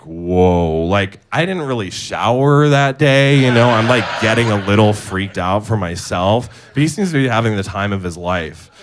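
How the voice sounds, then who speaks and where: Lower-pitched young man telling stand-up stories. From Indonesia. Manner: animated storytelling, many filler words, laughs at own jokes. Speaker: stand-up comedian. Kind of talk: stand-up comedy set.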